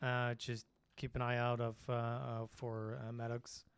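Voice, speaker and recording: A man's voice: mid-range voice, monotone, a little slow, background noise. A man doing in-character police roleplay in a game, talking hesitantly with many filler sounds. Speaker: police sergeant in a roleplay server.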